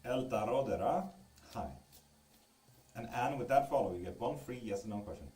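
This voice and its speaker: A man's voice: mid-range voice, animated, moderate pace, warm tone, far from the mic. A man doing a casual live stream as a tarot reader, joking and swearing freely as he answers viewers. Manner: loose, joking, swears freely while reading viewer comments. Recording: echoey room, voice away from the mic.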